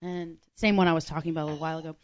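A woman's voice: low-pitched, fairly even intonation, very fast, no room sound. A woman chatting candidly with friends, telling a rambling story full of "like" and restarts. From family from Ireland. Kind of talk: candid casual chat. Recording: dull lo-fi dry sound.

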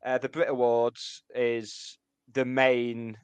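A man with a smooth, clear voice co-hosts a casual music podcast, talking in a loose, rambling way and pausing to explain things for listeners. He sounds close and dry on the mic. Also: mid-range voice, level tone, no echo. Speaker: podcast co-host.

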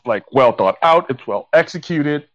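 A man co-hosting a podcast, talking in a measured, reasonable way with fillers like um and you know. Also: a little high, lively intonation, highs cut off. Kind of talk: casual chat.

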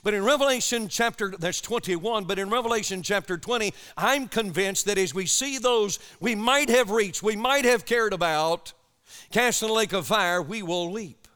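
A man's voice: high voice, moderate pace, pushed and bright, clear, resonant tone. A man preaching an urgent, impassioned sermon to young people at a camp. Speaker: evangelist preacher.

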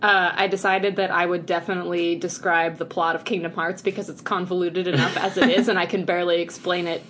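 A woman's voice: fairly low pitch, flat delivery, a little fast, a bit bright, slight background noise. Chatty, giggly woman co-host. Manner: chatty, laughs often, rambling explanations. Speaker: podcast co-host. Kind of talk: casual chat.

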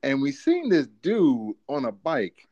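A man in casual chat who rambles, repeats himself and gets loud with excitement. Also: mid-range voice, slow, dull audio, background noise.

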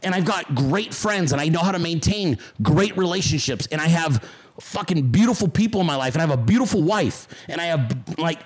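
A man with a high-pitched voice hosts a casual livestream. He talks in a blunt, combative way and swears freely. Now and then he mocks critics in exaggerated voices. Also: expressive, fairly quick, husky. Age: adult. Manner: mocks callers in put-on voices. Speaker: podcast host.

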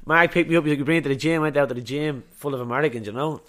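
A young Irish man, a boxer, telling stories in a casual interview, chatty and quick to swear. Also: medium pitch, crowd noise. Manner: rapid, chatty, swears freely, repeats itself. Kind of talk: casual chat, storytelling.

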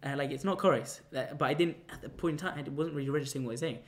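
A young man telling a casual anecdote, rambling and halting with many restarts and fillers. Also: fairly high pitch. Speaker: storyteller.

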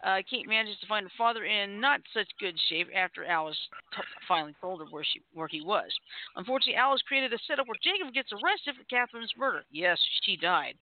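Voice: medium pitch, lively intonation, quick pace, a little hiss or hum. A host of an uncensored internet radio show, chatting casually and playfully and laughing often. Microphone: phone line. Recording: tinny phone-line audio.

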